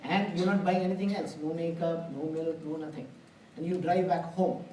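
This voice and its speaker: A man's voice: fairly high pitch, fairly even intonation, normal speed, mellow, slight background noise. A man giving a conversational spiritual discourse in a temple hall, earnest and plain-spoken, with homely examples. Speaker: spiritual lecturer. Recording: roomy, distant mic in a hall.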